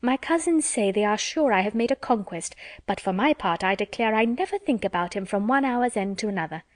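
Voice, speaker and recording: A woman's voice: medium pitch, expressive, a little fast, no room sound, lightly acted. A woman reading an audiobook, voicing a simpering, affected young woman who gossips.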